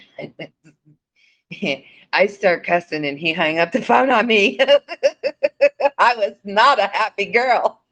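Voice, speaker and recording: A woman's voice: mid-range voice, takes it slowly, long pauses, a bit bright. A woman telling a personal story in a casual, profane and blunt way, often laughing. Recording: dull lo-fi recording.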